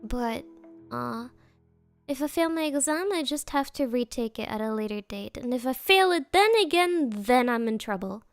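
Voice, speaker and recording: A woman streamer with a high, playful voice reads out donations and chats casually with her viewers. She sounds a little sniffly, as if she has just been crying, and she sprinkles Japanese words into her talk. Soft music plays faintly behind her. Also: animated, moderate pace, smooth. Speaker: VTuber streamer. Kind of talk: casual livestream chat, reading donations.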